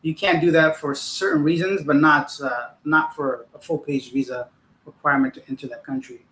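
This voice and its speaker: A man's voice: a little high, moderate pace, reverberant, poor audio. A young man casually telling a rambling, profane story to his livestream audience as host. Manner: rambling, profane, animated retelling.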